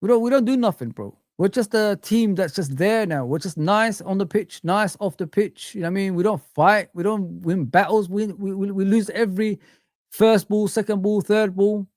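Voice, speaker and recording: A man's voice: high voice, normal speed, darkish tone, dry recording. Young male streamer, exasperated swearing rant, dry close mic. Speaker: fan channel livestream host. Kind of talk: casual livestream rant.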